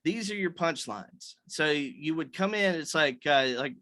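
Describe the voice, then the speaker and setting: A man's voice: on the high side, animated, unhurried, bright, forceful tone, no room sound. A man leading a writers' meeting on a video call, explaining things loosely with many fillers and restarts.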